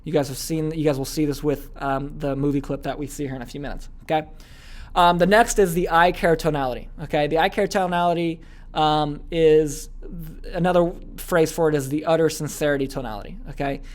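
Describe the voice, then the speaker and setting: A man teaching a sales training lesson, energetic and often checking in with "okay?". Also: fairly high pitch, brisk. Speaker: business coach.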